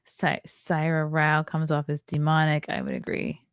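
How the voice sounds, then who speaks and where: A woman's voice: low-pitched, little pitch movement, normal speed, vocal fry, smooth, dry recording, clean studio sound. A woman streaming from her home desk, chatting in a rambling way with sarcastic asides while reviewing a film and reading chat. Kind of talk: casual live-stream chat. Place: home desk setup with webcam.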